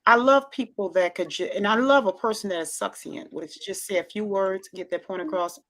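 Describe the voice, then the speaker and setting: A woman with a Southern accent hosting a casual chat, effusive and expressive, often repeating herself. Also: medium pitch, a little fast. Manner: loud and expressive by her own account. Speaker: talk show host.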